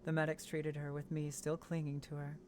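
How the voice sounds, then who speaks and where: A woman voicing a weary former mercenary father in a game, reading his lines softly and quietly. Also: deep voice, monotone, brisk, a little hiss or hum, close to an everyday voice. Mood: subdued. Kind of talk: reading game dialogue aloud.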